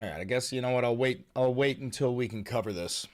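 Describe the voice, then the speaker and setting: A man hosting a livestream, ranting loudly and profanely in casual reaction commentary. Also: mid-range voice, fast talker. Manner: loud, animated, profane ranting. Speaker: livestream host.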